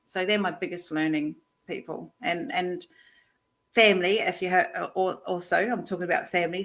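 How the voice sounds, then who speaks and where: A middle-aged woman with a New Zealand accent, a guest chatting openly and warmly on a video call. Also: fairly low pitch. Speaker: guest, coach. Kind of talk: casual interview chat.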